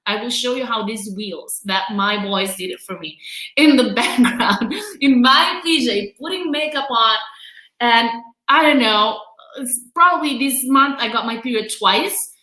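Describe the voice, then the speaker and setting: Unhurried yet pushed and bright, her voice sits on the high side while she leads a live motivational stream from home in quarantine. Candid and emotional with frequent laughter and a non-native accent, she comes through poor, roomy audio.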